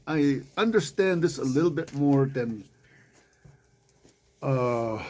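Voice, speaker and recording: A man leading an informal Bible study in a small group, reading scripture aloud and adding unhurried conversational asides. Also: on the high side, a little mellow, low-quality recording.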